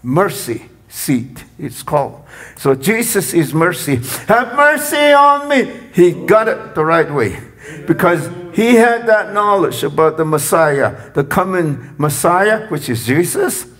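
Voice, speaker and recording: Slow, high-voiced man preaching a sermon. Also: lively intonation. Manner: repetitive, rising to shouts when quoting.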